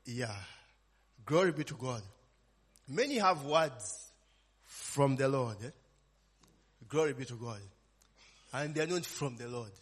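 Preacher with a husky voice in a reverberant hall. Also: male voice, medium pitch, animated, takes it slowly, pauses often. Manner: conversational, frequent "eh?" and "amen?" tags, call-and-response questions. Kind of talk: informal sermon. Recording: long reverb.

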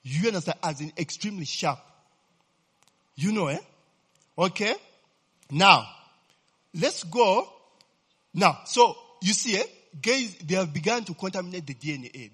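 Preaching to a congregation, this man has a high-pitched, husky voice with a fairly bright tone. He keeps adding a questioning "eh?" to invite answers, and frequent chuckles break up his sentences in a lively sermon full of back-and-forth with the audience.

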